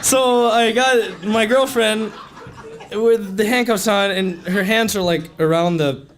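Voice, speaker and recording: A young man telling a comic story on stage at a live event, animated, laughing often and filling his talk with "like". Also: high voice, slow pace. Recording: noisy live event recording.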